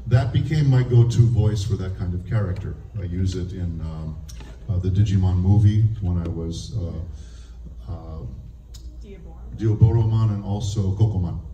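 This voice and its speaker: A man who is a voice actor and speech teacher, giving a lively, demonstrative convention panel talk and laughing often. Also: low voice, slight background noise. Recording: echoey room heard from a distance.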